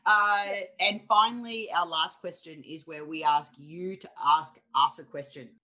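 A middle-aged woman hosting a coaching podcast, telling stories in a lively, animated way with quick asides. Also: deep voice. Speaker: podcast host, tennis coach. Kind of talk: casual interview chat.

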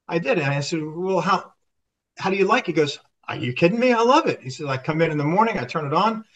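A man's voice: fairly high pitch, fairly bright tone, far from the mic, low-quality recording. An older man, a retired army officer guest on a podcast, telling a story in conversation and acting out the dialogue with frequent restarts.

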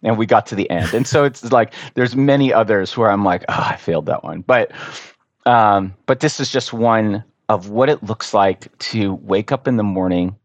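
A man telling an earnest, animated story as a podcast guest in casual conversation. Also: on the low side, moderate pace, no echo.

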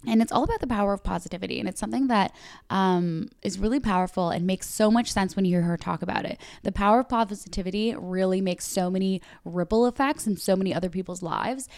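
A woman's voice: medium pitch, quick pace, vocal fry, a little mellow, no echo. A woman hosting a podcast interview, talking in an upbeat, gushing way. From Canada. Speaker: podcast host.

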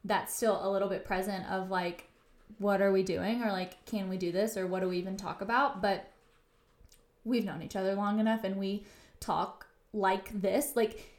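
A woman's voice: mid-range voice, fairly even intonation, moderate pace. A woman co-hosting a casual podcast at home in her kitchen, speaking in a reflective, earnest way with many filler words. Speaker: podcast co-host. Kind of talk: casual conversational podcast chat. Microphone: microphone on a table in front of her.

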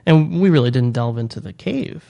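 A man's voice: medium pitch, lively intonation, moderate pace, gravelly, lo-fi sound. A man co-hosting a podcast, chatting casually with an enthusiastic, jokey, slightly rambling manner. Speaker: podcast co-host. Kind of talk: casual chat.

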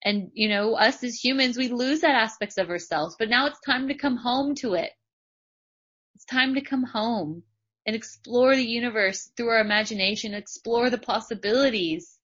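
A woman's voice: mid-range voice, a bit bright, slightly rough. A woman, a podcast host giving a motivational spiritual talk and repeating phrases for emphasis. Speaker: podcast host and business coach. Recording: dull lo-fi recording.

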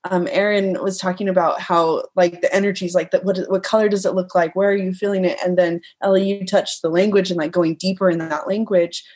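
A woman's voice: on the low side, level tone, brisk, few pauses, a little mellow, husky. A young woman in casual conversation, heartfelt and emotional, hesitating with many ums.

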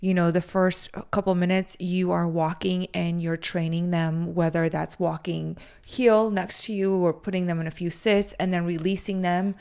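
A woman's voice: fairly low pitch, fairly even intonation, moderate pace, gravelly, few pauses, darkish tone, smooth. A woman co-hosting a casual podcast, asking questions in a hesitant, curious way. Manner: inquisitive, hesitant phrasing. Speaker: co-host.

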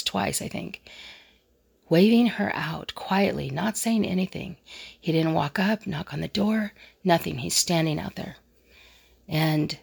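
A woman's voice: fairly low pitch, creaky, sharp tone, slightly rough. A middle-aged woman vlogger animatedly retelling a personal story.

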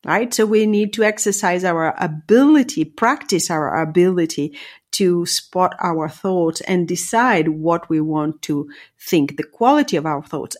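Thoughtful woman coach explaining calmly. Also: lowish voice. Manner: thoughtful, explanatory, with hesitations and self-corrections. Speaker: leadership coach, guest. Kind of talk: conversational interview.

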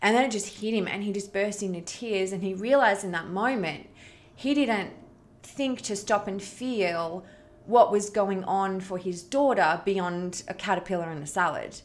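A woman's voice: mid-range voice, normal speed. A woman hosting a parenting challenge, telling a story to her online audience in an earnest, heartfelt, conversational way.

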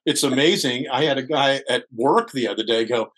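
A man co-hosts a casual podcast from a hall. He talks earnestly and rambles, laughing often. His voice sits at an ordinary pitch. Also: quick pace, a bit bright. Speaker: podcast co-host.

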